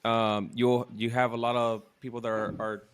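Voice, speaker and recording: A man in a relaxed podcast chat who stalls and restarts his sentences. His voice sits at an ordinary middle pitch. He drops "bro" at the end of his points. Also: reverberant. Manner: halting, repeats words, says bro. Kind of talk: casual chat.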